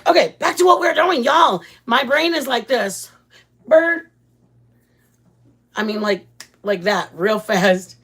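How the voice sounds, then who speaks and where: A woman's voice: on the high side, expressive, slow pace, long pauses, fairly bright tone, breathy edge. A woman chatting casually with viewers while making food in her home kitchen, rambling and greeting people by name. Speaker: vlog host. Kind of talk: casual live-stream chat while cooking.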